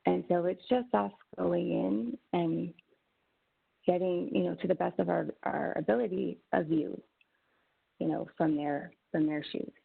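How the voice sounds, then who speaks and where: A woman's voice: on the low side, unhurried, gravelly, slightly rough. A woman presenting a teaching webinar as a social worker, talking conversationally with frequent restarts over a video call. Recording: tinny phone-like webinar audio.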